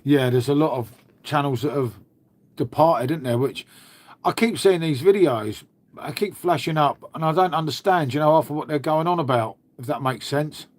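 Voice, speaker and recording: A man's voice: a little high, moderate pace. A man, hosting a live stream in a casual chat, chatty and matey, swearing freely and answering viewers. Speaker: beer channel host.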